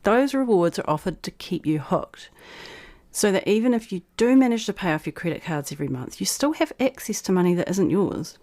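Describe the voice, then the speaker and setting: A woman's voice: mid-range voice, very animated, brisk, darkish tone. A woman vlog host who reads her old blog post aloud in a frank, persuasive way, then reflects on it.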